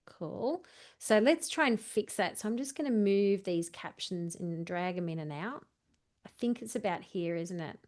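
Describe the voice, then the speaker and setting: A woman's voice: mid-range voice, animated, normal speed, a little mellow. A woman coaching a video editing tutorial, chatty and walking through each step while correcting herself as she goes. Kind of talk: screen-share editing tutorial.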